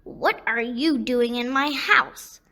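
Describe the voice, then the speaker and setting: A woman's voice: fairly high pitch, slow, bright, forceful tone. A woman voicing a small homeless male toad in a children's storybook, talking in a pleading way. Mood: indignant. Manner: pleading, plaintive.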